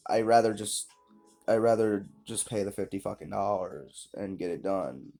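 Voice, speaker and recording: A man's voice: fairly low pitch, fairly even intonation, normal speed, vocal fry, dark tone, faint music behind. A young man telling a long, frustrated story to camera in a casual vlog, swearing constantly and restarting his sentences as he rambles. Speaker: vlogger. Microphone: phone or webcam at close range.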